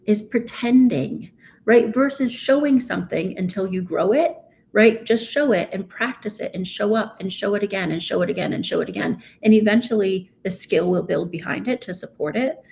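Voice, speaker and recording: A woman's voice: medium pitch, darkish tone, a little hiss or hum. A woman, a business coach, speaking as a podcast guest in an emphatic way, often asking "right?". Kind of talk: podcast interview.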